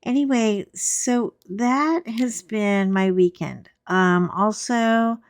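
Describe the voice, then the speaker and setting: A middle-aged woman, hoarse while recovering from laryngitis, chatting casually and rambling with wry humor as she hosts her coloring channel from a chair at home. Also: medium pitch, slow, no echo, clean studio sound. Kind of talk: casual chat.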